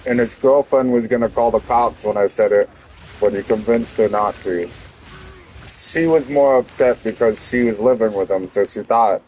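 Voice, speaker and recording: A man's voice: lowish voice, moderate pace, a little mellow, poor audio. Young guy on stream, swears a lot, trips over his words, bit of hiss behind. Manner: heated, swears a lot, restarts often. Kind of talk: casual storytelling to chat.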